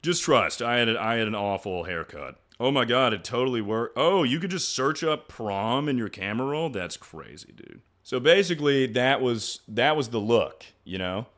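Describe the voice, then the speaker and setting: A man's voice: mid-range voice, lively intonation, moderate pace, few pauses, a bit bright. A young man streaming, answering chat questions in crude, joking banter with frequent laughs and trailing restarts. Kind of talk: casual livestream chat.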